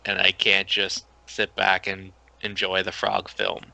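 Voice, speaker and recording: A low-voiced man with a gravelly fry rants bluntly on a casual movie review podcast. His tone is sharp and bright, and he swears freely. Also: monotone, a little slow, poor audio. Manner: blunt, profane ranting. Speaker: podcast co-host.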